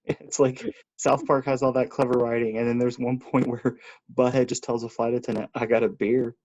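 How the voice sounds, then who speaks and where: A man co-hosting a podcast in casual chat, measured and often murmuring agreement. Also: medium pitch, flat delivery, darkish tone, dull audio. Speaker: podcast co-host. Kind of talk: casual chat about films.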